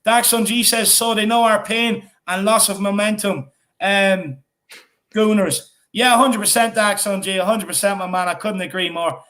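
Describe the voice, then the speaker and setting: Irish guy, highish voice, rambling live-stream chat reading comments out, lots of ums. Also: steady tone, moderate pace, sharp tone. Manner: chatty, repeats himself, many fillers. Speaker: fan channel co-host.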